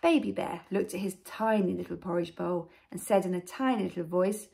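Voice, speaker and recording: Nursery teacher, woman, storybook reading, expressive, coaxing, soft asides. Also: on the low side, fairly quick, vocal fry, hardly any pauses. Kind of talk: storybook reading to young children.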